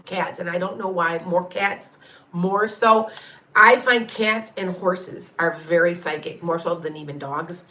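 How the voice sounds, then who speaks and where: A woman's voice: fairly low pitch, a bit bright. A woman working as a psychic medium. She gives a casual live reading and answers questions in a chatty, rambling way, often breaking off mid-sentence. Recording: echoey room.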